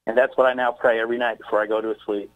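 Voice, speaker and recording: A man's voice: mid-range voice, level tone, racing, phone-quality sound, soft background music. Hesitant male poet reading aloud. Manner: hesitant, searching for words. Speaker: poet guest. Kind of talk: reading his own poem on a radio interview. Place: Texas, by phone into a radio show.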